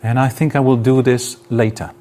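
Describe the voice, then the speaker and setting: Guy giving a lecture in a hall, average pitch, acts out examples as he explains. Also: flat delivery, moderate pace, mellow. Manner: explains with spoken examples and varied intonation. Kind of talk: live lecture.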